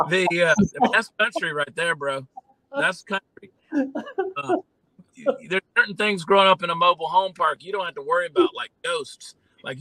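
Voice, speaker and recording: A man from Georgia with a Southern drawl, talking in a folksy, animated way as a guest in an interview. His voice is very bright and slightly high, recorded dry and close. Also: dry recording, poor audio. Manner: folksy, animated storytelling with many fillers. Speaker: guest, comedian and candidate. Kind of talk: casual interview talk.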